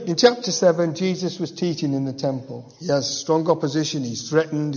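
Personal asides and rhetorical questions fill this conversational verse-by-verse Bible teaching. The preacher's voice is a little high and a little mellow, heard in a dull, reverberant hall.

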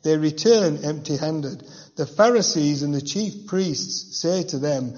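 A man's voice: fairly high pitch, measured pace, a little mellow. A man preaching a verse-by-verse Bible teaching in a conversational way, with personal asides and rhetorical questions. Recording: dull, reverberant hall sound.

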